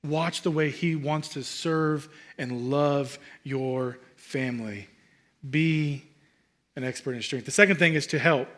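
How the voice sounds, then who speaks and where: A male pastor preaching with a high, bright, forceful voice. His sermon is humorous and lively, jumping from loud, excited bursts down to quiet, hushed asides. He talks directly to the congregation the whole time. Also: a little slow.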